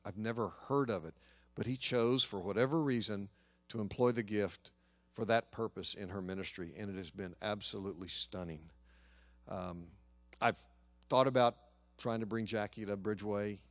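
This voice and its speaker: Low-voiced man preaching, dry sound. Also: no echo. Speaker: pastor. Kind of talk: sermon.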